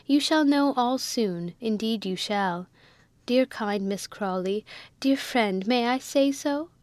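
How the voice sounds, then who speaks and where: A woman's voice: on the high side, slow, a little mellow, dry recording. Woman doing a young poor girl, sweet, faltering, tearful, dry close sound.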